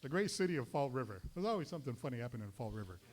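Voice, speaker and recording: A man hosts a live variety show, running through a stand-up comedy monologue and apologizing after his own jokes. His medium-pitched voice is sing-song, rapid-fire and a little mellow. The live show recording is noisy.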